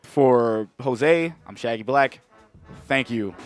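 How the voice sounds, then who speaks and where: A man co-hosting a movie podcast, talking in a casual, profane, slangy way and getting animated as he tells stories. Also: medium pitch, slow pace, soft background music. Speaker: podcast co-host.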